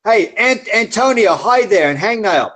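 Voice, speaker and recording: A laid-back Australian man chatting on a video call. He is encouraging and says mate all the time. His voice sits somewhat high. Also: expressive, measured pace, fairly bright tone. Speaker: hangout participant. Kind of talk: casual chat.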